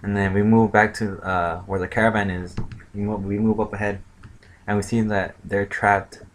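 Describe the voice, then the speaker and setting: Sex: male. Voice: lowish and flat. Role: manga reviewer. Style: casual, filler-heavy chapter recap. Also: moderate pace, a little hiss or hum, poor audio. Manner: rambling, filler-heavy retelling with many "like"s.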